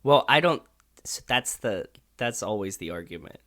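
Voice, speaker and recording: A man's voice: lowish voice, lively intonation, moderate pace, fairly bright tone. A man co-hosting a podcast in casual chat, rambling with lots of fillers and swearing casually. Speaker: podcast co-host.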